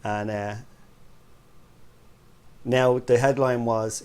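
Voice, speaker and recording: Middle-aged irish guy on a podcast, rambling story mode, keeps saying right, voice sits in a middle pitch. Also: brisk, a little mellow. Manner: chatty storyteller, peppers talk with "right?" and "you know". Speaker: podcast co-host. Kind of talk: casual chat.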